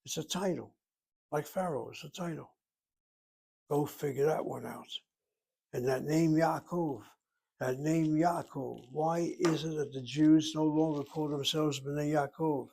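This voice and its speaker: A man's voice: a little high, fairly even intonation, measured pace, vocal fry, a little mellow. A man teaching a Hebrew class, lecturing in a precise, explanatory way with digressions.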